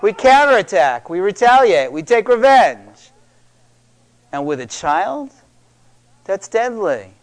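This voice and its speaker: A man's voice: high-pitched, sing-song, slow, pauses often. A middle-aged man speaking to a live audience about parenting, conversational and emphatic, repeating key words for stress.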